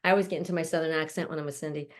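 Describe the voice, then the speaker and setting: A woman's voice: deep voice, steady tone, very fast. A woman hosting an online panel, introducing each guest in an effusive, chatty way and laughing often, speaking from home. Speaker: show host introducing a panel. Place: at home, mother nearby.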